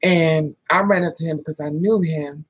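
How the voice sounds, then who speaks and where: A man's voice: fairly high pitch, normal speed, husky, dry recording, poor audio. A man telling a personal story in a casual vlog, bluntly and with swearing, acting out what others said. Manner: lively storyteller, blunt and profane, acts out the other voices.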